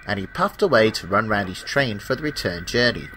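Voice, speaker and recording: A man narrating a children's train story in a measured, expressive storybook style. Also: on the low side, slight background noise.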